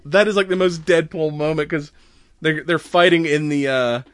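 A man's voice: a little high, fairly even intonation, moderate pace, no echo, clean studio sound. A man in casual podcast chat who laughs often and swears while retelling movie scenes with animation. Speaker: podcast co-host.

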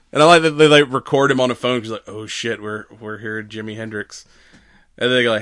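A man co-hosting a casual podcast, recapping a movie with frequent laughter and quick quoted voices. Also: on the low side, fairly even intonation, a bit bright. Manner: laughs often, retells scenes doing quick quoted voices. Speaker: podcast co-host.

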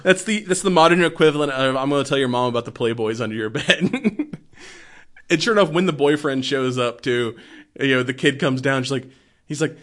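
A man's voice: mid-range voice, animated, a little fast, fairly bright tone. Laughing, swearing man in casual chat. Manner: rambling retelling, laughs often, swears freely.

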